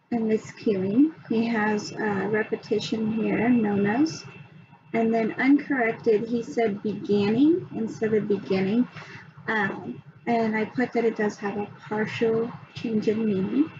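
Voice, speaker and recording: A woman presenting a reading assessment, talking slowly with many pauses and ums. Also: on the high side. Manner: slow, hesitant, many ums. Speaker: student presenter. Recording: dull lo-fi sound, faint background hum.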